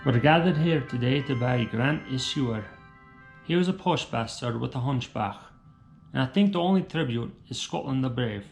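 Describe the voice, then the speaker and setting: A man's voice: mid-range voice, lively intonation, extremely slow, vocal fry, few pauses, dark tone, soft background music, exaggerated voice. A man doing a mock-solemn Scottish mourner.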